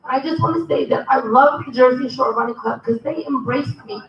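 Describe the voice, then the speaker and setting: A woman shares a funny personal story at a convention, her voice high and lively. She speaks from a distance in a roomy, echoing hall. The sound is dull and lo-fi, with faint noise behind her. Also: brisk. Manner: lively storyteller, acting out dialogue. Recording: echoey hall, from far off, dull.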